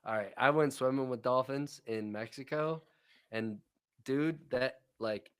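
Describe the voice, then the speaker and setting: A man's voice: medium pitch, measured pace, a bit bright, smooth. A young man co-hosting a podcast in casual chat, laid-back and crude, telling stories between laughs. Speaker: podcast co-host.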